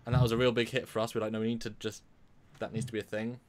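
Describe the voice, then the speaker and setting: A man's voice: on the low side, level tone, very fast. Chatty man rambling on a live stream. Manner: rambling, with many restarts and repeated words. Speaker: livestream co-host. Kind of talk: casual live-stream chat.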